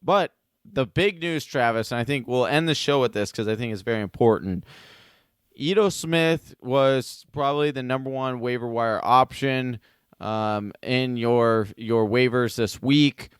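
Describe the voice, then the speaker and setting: A man's voice: medium pitch, measured pace, clean tone, no echo, clean studio sound. A man co-hosting a fantasy football podcast in casual, joking chat. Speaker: podcast co-host.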